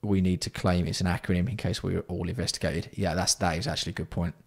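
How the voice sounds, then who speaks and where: A man hosting a casual livestream, bantering with chat and swearing freely while keeping his voice fairly hushed. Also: low voice, fairly even intonation, fast talker, creaky. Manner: banter-filled, sweary, reads out and answers chat. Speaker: livestream host.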